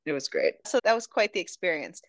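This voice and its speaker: A woman co-hosting a casual book podcast, retelling scenes with lively quoted voices and laughter. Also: on the low side, quick pace, dry recording. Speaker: podcast co-host.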